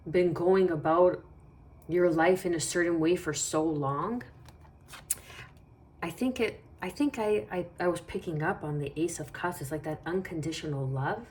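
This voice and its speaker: A woman's voice: fairly low pitch, measured pace, darkish tone. A woman giving a casual tarot reading, talking in a meandering, reassuring way and thinking aloud as she goes. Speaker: tarot reader.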